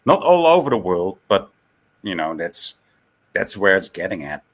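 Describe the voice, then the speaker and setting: A man's voice: low-pitched, very animated, normal speed. A man with a Dutch accent talking casually on a call-in stream, rambling and restarting his sentences. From Netherlands. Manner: rambling, repeats words and restarts.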